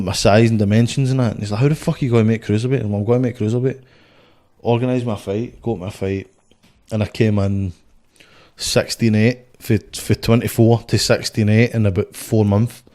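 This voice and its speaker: A man's voice: fairly low pitch, steady tone, fairly quick, warm tone. A young Scottish man, a boxer, telling stories in a blunt, sweary, rambling way on a casual podcast. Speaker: guest, boxer.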